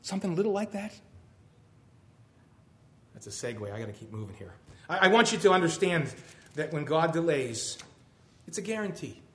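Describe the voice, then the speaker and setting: A man's voice: a little high, big pitch swings, normal speed, long pauses, a bit bright. A middle-aged man preaching a sermon, reading a poem aloud with rising, emphatic delivery. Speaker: pastor.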